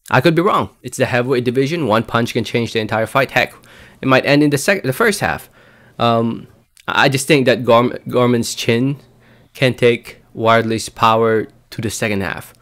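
A man's voice: fairly low pitch, fairly bright tone. A man talking casually to his viewers about who will win an upcoming boxing fight, hedging often with fillers like "um" and "I think.". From Philippines or United States. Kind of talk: casual prediction vlog.

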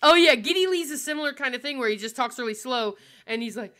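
A woman with a squeaky voice co-hosting a live podcast and chatting casually about running games. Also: expressive, fast, few pauses, bright, forceful tone. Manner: bubbly, jumps into character voices. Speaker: podcast co-host and game master.

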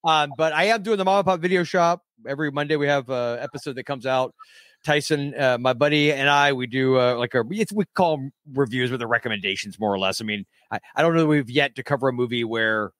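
A man's voice: mid-range voice, fairly quick, fairly bright tone, no echo. A man who is a guest on a podcast, chatting casually over a call in a rambling, stammering way with joking asides. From Central Florida. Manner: rambling, stammering, self-deprecating humor. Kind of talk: casual chat. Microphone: remote call.

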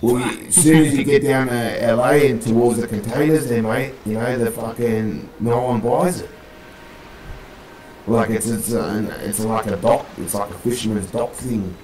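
A man's voice: mid-range voice, fairly even intonation, moderate pace, echoey room, a crowd in the background, poor audio. A man playing a gang leader in a roleplay, rambling, swearing constantly and calling everyone mate. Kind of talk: in-character roleplay chat.

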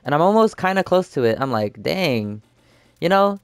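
A man's voice: high voice, very animated, quick pace, smooth, dry recording. A young man giving casual, rambling commentary over his gameplay, full of fillers and restarts, talking close to the mic. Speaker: gaming YouTuber.

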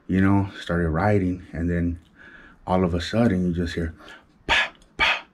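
With a low, steady voice, a darkish tone, and a normal speaking speed, this Chicano LA man shares a street tale, a little hiss or hum in the background. The middle-aged vlogger uses street slang, makes gunshot noises with his mouth, and talks softly to avoid waking his wife.

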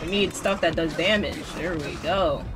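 A woman streaming a game live, excitable, talking back to the game, swearing and laughing as she plays. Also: lowish voice, normal speed, music in the background, rough recording. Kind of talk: live gameplay commentary.

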